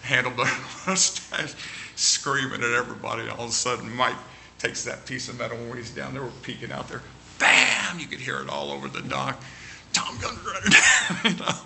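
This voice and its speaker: A man telling an animated story with quoted dialogue during a sermon. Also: mid-range voice, brisk, vocal fry, slight background noise.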